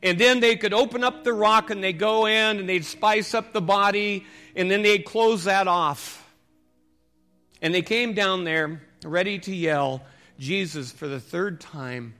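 A male pastor preaching a sermon, telling the story with loud calls and dropping to a hushed voice for prayer. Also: high-pitched, steady tone, unhurried, clear, resonant tone, soft background music.

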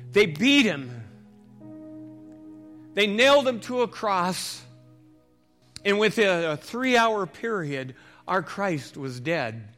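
A male pastor preaching a sermon, telling the story with loud calls and dropping to a hushed voice for prayer. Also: high voice.

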